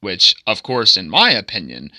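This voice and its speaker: A man narrating his own comic in a loose, crude, joking way and chuckling at his own asides. His voice is sharp and bright and moves a lot in pitch. It is close-miked and dry, with no room sound. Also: wildly swooping pitch, moderate pace, no room sound. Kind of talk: casual commentary.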